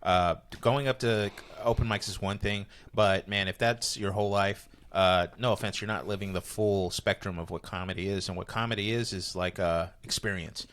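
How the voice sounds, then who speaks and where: A man, a comedian, talking casually on a podcast, rambling and animated, with many restarts. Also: on the low side, normal speed, few pauses. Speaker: comedian guest.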